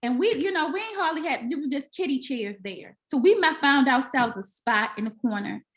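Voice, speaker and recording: A high-pitched young woman talks casually in an interview, telling her own stories with energy. She acts out the voices of friends with big jumps in pitch, and her delivery stays lively and chatty. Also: fairly quick. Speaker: interviewer, daycare owner turned author.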